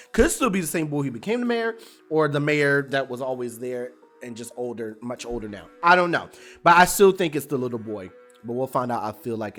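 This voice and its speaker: A man casually recapping a TV episode, animated and colloquial, rambling with restarts. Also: medium pitch.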